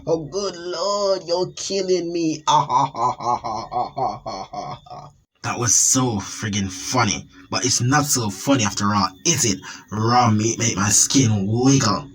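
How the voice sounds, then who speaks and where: A man voicing a creepy young woman who turns out to be a flesh-eating monster, speaking in a high, sugary, mocking way. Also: a little slow, few pauses, natural voice.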